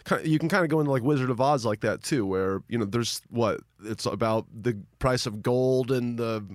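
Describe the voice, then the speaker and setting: A man's voice: medium pitch, dry recording, studio quality. Stammering man in casual chat. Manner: halting, stammering, profane. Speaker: podcast co-host. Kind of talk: casual film discussion.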